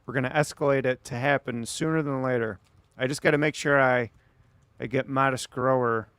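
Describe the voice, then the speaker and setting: A man's voice: medium pitch, steady tone, fairly quick, a bit bright, clear, resonant tone, no room sound. A man streaming late at night, chatting casually and rambling back at his viewers.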